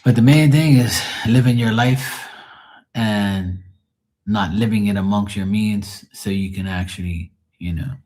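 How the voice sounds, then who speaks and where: A man's voice: fairly low pitch, measured pace, a little mellow. A middle-aged man hosting a live tarot stream, chatting casually, telling blunt stories full of swearing and greeting viewers by name. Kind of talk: casual livestream chat.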